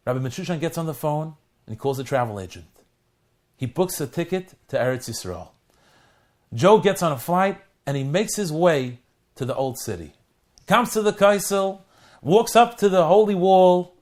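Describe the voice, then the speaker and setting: A rabbi tells a story in a fairly high male voice. He moves from ringing emphasis down to near-whispered moments for drama. It is a heartfelt spoken appeal. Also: expressive, moderate pace. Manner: dramatic, swings between loud and hushed.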